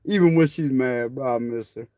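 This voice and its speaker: A man's voice: medium pitch, moderate pace, dark tone, no room sound, studio quality. A man chatting casually to viewers on his phone, joking, laughing often and swearing freely. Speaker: spiritual tarot channel host. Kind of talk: casual rambling chat to viewers.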